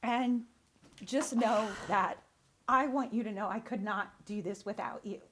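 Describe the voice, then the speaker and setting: A woman's voice: medium pitch, measured pace, fairly bright tone, a little hiss or hum. A woman in her forties hosting a podcast, talking earnestly and emphatically straight to her listeners. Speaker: podcast host. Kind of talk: heartfelt solo podcast monologue. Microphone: studio microphone.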